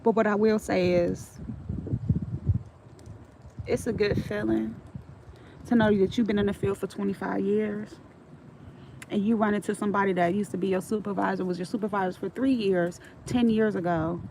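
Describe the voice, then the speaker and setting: Gravelly woman telling stories on a livestream. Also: mid-range voice, fairly even intonation, moderate pace, long pauses, noisy background. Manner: streetwise, frank, swears freely. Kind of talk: casual livestream storytelling.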